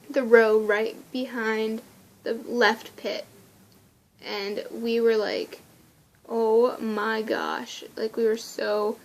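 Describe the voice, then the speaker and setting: Gushing, excitable young woman. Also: fairly high pitch. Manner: gushing and excitable, laughing often. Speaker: vlogger. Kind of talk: casual storytelling vlog.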